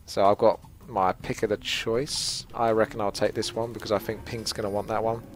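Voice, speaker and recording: A young man giving casual, joking gameplay commentary, chatty and quick to laugh. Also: on the low side, flat delivery, slight background noise. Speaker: gaming commentator.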